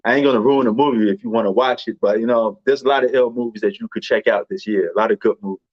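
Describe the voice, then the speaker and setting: A man's voice: on the low side, fast, dry recording, highs cut off. A man with a New York accent chatting casually and rambling about movies, full of slang and fillers. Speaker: movie commentator. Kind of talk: casual chat.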